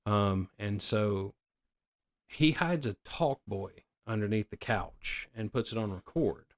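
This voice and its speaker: A man's voice: on the low side, slow pace. A middle-aged man telling profane stories in a casual podcast chat. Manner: profane, animated storyteller. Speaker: podcast co-host.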